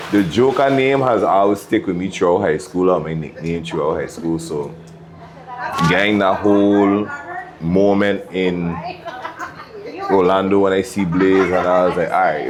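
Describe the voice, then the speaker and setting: A man with a Virgin Islands accent, a DJ telling stories in a casual interview in a laid-back way. He often checks in with his listener and laughs as he talks. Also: low voice. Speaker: DJ and music producer.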